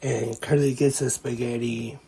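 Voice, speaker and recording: Slow, gravelly, husky-voiced man. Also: medium pitch, flat delivery, mellow. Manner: slow, plain play-by-play retelling. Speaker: podcast host. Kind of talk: casual recap of a comedy short.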